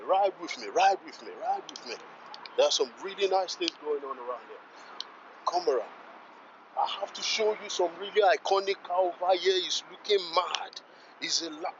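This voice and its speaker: High-voiced excitable man at a car meet. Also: highs cut off, slight background noise. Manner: exclamatory, hyped, repeats phrases. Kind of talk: excitable walkaround vlog. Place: outdoor car meet in the rain.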